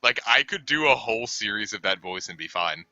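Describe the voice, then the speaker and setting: A man's voice: on the low side, animated, brisk, bright, forceful tone, no room sound. A young man casually chatting on a game stream, rambling with lots of fillers. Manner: rambling, filler-heavy talk. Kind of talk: casual live-stream chat. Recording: dull lo-fi dry home mic.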